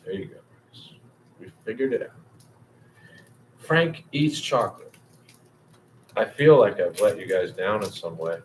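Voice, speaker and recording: Low-voiced man rambling to his livestream chat. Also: normal speed, darkish tone, slight background noise, low-quality recording. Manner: rambling, swearing, talks to chat by name. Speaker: livestream host. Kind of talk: casual livestream chat with viewers.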